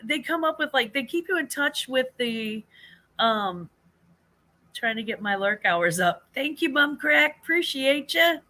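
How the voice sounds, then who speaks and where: Bright-voiced chatty older woman host. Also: sits high, lively intonation, a little slow. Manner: rambling, chatty, laughs often, many fillers and restarts. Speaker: livestream host. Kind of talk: casual live chat.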